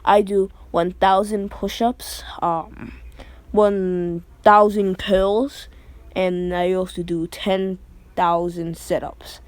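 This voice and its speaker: A woman voicing an overpowered young male hero who boasts calmly, halting with fillers and restarts. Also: lowish voice, no room sound. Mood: boasting.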